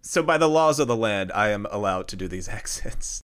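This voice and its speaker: A man's voice: lowish voice, expressive, moderate pace, a bit bright, smooth. A man hosting a comedic podcast, playful and laughing often. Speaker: podcast host.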